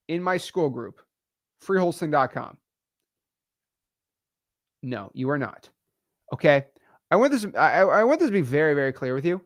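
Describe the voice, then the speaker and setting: A man's voice: sits high, no echo, studio quality. A man from Florida, teaching a wholesaling course in a casual joking way and peppering his talk with "okay" and "all right". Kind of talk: casual joking lesson to camera.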